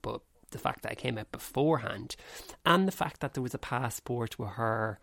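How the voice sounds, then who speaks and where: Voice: medium pitch, moderate pace, vocal fry, fairly bright tone, dry recording. A podcast co-host in casual chat, rambling with many "like"s. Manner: rambling, full of "like" and trailing phrases.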